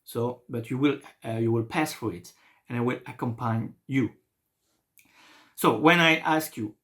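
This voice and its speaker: A young man with a French accent, a native French speaker explaining a beginner French lesson in English in a lively, encouraging way. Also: medium pitch. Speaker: French teacher.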